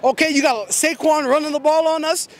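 A man with a very high voice gives blunt, furious answers full of swearing. He speaks into a street interviewer's mic outside after a game. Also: steady tone, brisk. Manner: blunt, angry, swears heavily. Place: city street outside a stadium.

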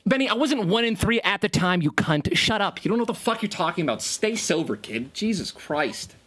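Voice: medium pitch, big pitch swings, brisk, fairly bright tone. An online game player angrily ranting and cursing at teammates. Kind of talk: angry gaming rant.

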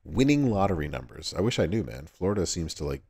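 A man's voice: sits low, sing-song, fast talker, a little mellow, breathy edge. A man with a Southern US accent hosting a livestream, chatting casually with viewers and laughing often. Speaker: livestream host.

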